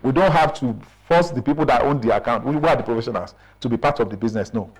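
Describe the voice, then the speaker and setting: A middle-aged official with a Nigerian accent speaks fast at a medium pitch, explaining business registration procedures on the radio. He keeps checking in with "right?", and the audio quality is low.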